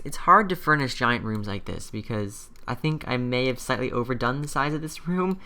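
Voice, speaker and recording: A man's voice: mid-range voice, sharp tone. A young man giving casual gameplay commentary while building, thinking aloud and rambling with plenty of fillers. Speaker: video host building in a game.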